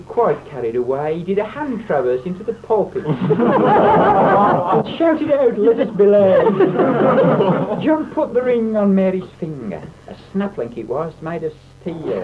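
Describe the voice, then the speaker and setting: A man reciting comic verse in a theatrical, mock-dramatic way, on a dull, slightly noisy old recording. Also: a little high. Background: audience laughter.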